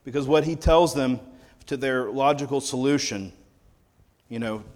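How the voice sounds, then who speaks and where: A man's voice: mid-range voice, steady tone, unhurried, darkish tone. A man preaching a sermon in a conversational, wry storytelling manner. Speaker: pastor.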